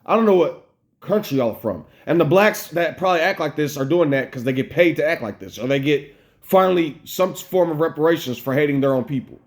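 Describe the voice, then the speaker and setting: Upset, rambling man with a higher voice. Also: expressive, brisk. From United States. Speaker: vlogger. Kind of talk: emotional personal vlog rant.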